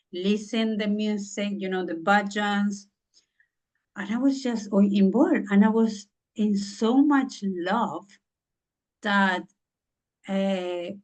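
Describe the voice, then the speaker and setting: An earnest woman speaks unhurriedly as a podcast guest, recounting a personal story. She pauses to search for words and leans on "you know" often. Her pitch sits in a middling range. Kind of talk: personal story in a conversational interview. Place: lives in southern England.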